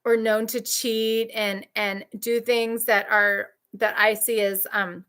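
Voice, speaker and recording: A woman's voice: level tone, slow, fairly bright tone, smooth. A woman coaching trauma survivors in a candid, emphatic talk, repeating key phrases and answering viewers. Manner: mimics others' voices in high shrill outbursts.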